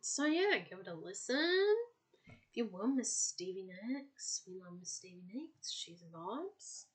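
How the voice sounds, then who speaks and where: A woman's voice: mid-range voice, sing-song, measured pace. A woman hosting a podcast, chatting casually and bubbly, with lots of filler words. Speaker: podcast host.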